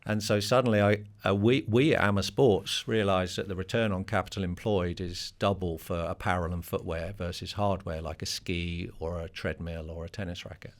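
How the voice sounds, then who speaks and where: A man's voice: low voice, steady tone, moderate pace, few pauses. A middle-aged man, a business leader giving a conversational podcast interview in a straightforward, plain-spoken way. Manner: straightforward, conversational with many fillers.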